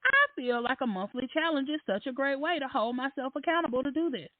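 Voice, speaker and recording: Woman doing a chirpy country planner lady, sing-song twang, high and bouncy, tinny phone-like sound. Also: big pitch swings, fairly quick, dry recording. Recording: dry, tinny phone-like line.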